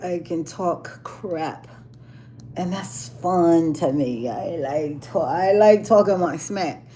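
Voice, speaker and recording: A woman's voice: on the low side, warm tone, a little hiss or hum. A woman chatting casually and playfully, often laughing and using lots of fillers. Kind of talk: casual chat.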